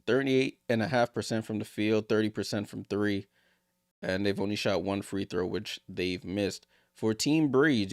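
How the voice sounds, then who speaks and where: A man hosts a live basketball watchalong stream, calling each possession and talking straight to his viewers between plays. His voice is smooth and sits at an everyday middle pitch. He is recorded on a close mic in a dry room, and he gets noticeably louder and higher when a big play happens. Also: no echo. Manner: excitable on big plays, chatty asides to viewers.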